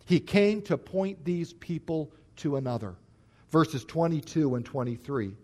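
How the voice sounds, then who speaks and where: Preacher guy walking through scripture, kinda high voice, leans hard on key words. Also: unhurried, a little mellow. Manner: expository, explaining scripture verse by verse. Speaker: pastor. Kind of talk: sermon.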